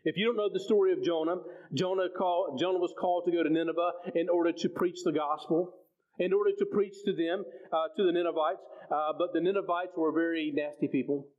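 A man's voice: fairly high pitch, steady tone, brisk, narrow, tinny audio. A man preaching a sermon in a conversational way, often repeating words and restarting phrases as he explains scripture.

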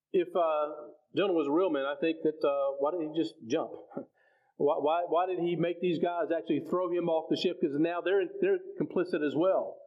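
Man preaching a casual sermon, lo-fi. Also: on the high side. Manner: conversational, repeats words and restarts.

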